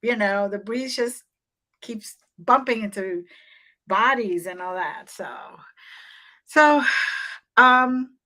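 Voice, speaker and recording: A woman co-hosts a casual chat in an easygoing, giggly way. She speaks slowly, and her voice is bright with a slightly raised pitch. She keeps the conversation going with friendly prompts. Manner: easygoing, giggly, quick encouraging listener.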